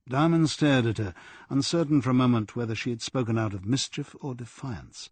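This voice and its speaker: Husky male narrator, mid pitch, dry close-mic crime reading. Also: fairly quick, darkish tone, dry recording. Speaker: audiobook narrator. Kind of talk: scripted narration.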